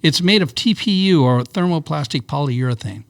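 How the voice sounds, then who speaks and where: A man's voice: on the high side, expressive, a little fast, no room sound. A middle-aged man co-hosting a casual podcast, reading out news items with laughs and stumbles.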